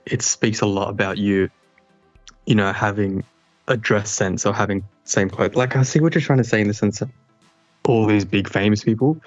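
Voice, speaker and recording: Young podcast dude, lowish voice that shoots up when he can't believe something, kinda muffled dry sound, faint music. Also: no echo. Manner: animated, emphatic disbelief, pitch jumps up. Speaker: podcast co-host. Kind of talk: casual chat.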